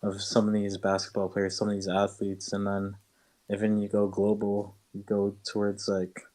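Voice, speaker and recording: A man musing aloud in a casual live audio chat, his voice set a little low. He hedges and circles with fillers as he talks. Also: monotone, moderate pace, mellow. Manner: rambling, hedging with "like" and "right".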